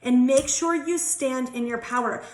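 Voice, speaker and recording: A woman in her thirties gives a casual spiritual card reading. She is chatty and quick to giggle, with a slightly high voice and the odd swear word. The room around her sounds echoey. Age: 30s. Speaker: tarot and angel card reader.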